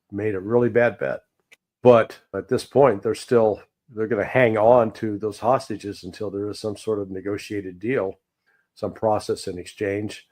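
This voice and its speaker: A man's voice: fairly low pitch, darkish tone. A middle-aged man giving heated political commentary, indignant and emphatic with sarcastic asides.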